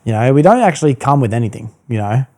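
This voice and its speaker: Male podcast host, mellow low-key tone, earnest and reflective. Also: lively intonation, fast talker. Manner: earnest, laid-back, reflective. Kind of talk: casual reflective chat.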